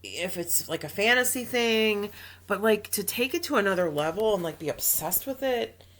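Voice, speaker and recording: A woman's voice: medium pitch, lively intonation, normal speed, fairly bright tone. A woman co-hosting an advice podcast in casual chat, talking emphatically with trailing restarts and acted-out quotes. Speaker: podcast co-host.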